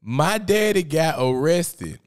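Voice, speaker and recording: A man, hosting a podcast in a blunt, profane, animated storytelling manner. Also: a little high, takes it slowly. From Memphis, USA. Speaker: podcast host. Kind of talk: casual podcast monologue.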